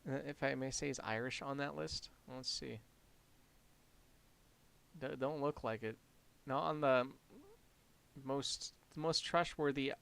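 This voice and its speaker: Young Canadian guy, light accent, deadpan and wry, casual stream banter. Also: medium pitch, a little slow, vocal fry, long pauses, clean tone. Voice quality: flat, deadpan delivery. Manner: wry, sarcastic reactions. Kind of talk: casual gaming stream chat.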